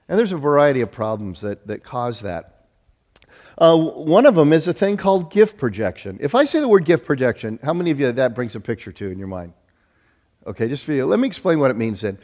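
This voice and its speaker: A middle-aged male pastor preaching a sermon, telling self-deprecating stories in an animated way with frequent restarts. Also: mid-range voice. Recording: long reverb of a hall.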